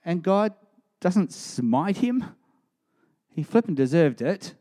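Brief: a male preacher in mid-sermon, emphatic and lively. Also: sits high, slow. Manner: emphatic, rising to animated storytelling.

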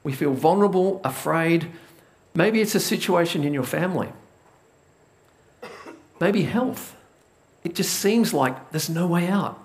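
A man preaching a conversational sermon, retelling a Bible story with lively storytelling and asking the congregation direct questions. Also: fairly high pitch, unhurried, pauses often. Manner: lively storytelling, acts out the biblical characters' panic. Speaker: pastor.

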